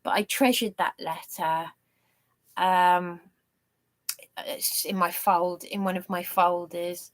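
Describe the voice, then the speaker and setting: A middle-aged woman from England speaks slowly in a meandering personal monologue. She stops and restarts often and leans on fillers. When she turns to faith she grows earnest and fervent. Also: fairly low pitch, fairly even intonation. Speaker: vlogger.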